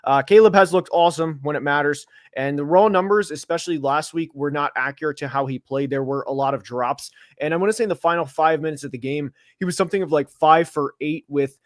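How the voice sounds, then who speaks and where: A man hosting a casual football preview stream, talking fast with lots of fillers and getting worked up as he argues his points, seated at a close mic. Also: a little high, no room sound. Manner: animated, gets worked up, filler-heavy. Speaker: host of a football preview show. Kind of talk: casual sports chat. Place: home studio, seated.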